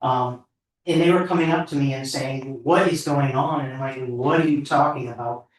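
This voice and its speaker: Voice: mid-range voice, normal speed. A board member speaking at a town meeting in an earnest, heartfelt, emotional way. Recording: echoey hall, far from the mic.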